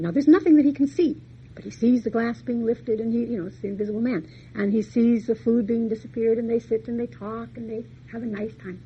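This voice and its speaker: A woman's voice: fairly high pitch, fairly even intonation, fairly quick. A woman lecturer retelling a fairy tale in a chatty, folksy way with little asides. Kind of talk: storytelling lecture. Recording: dull muffled recording, faint hiss.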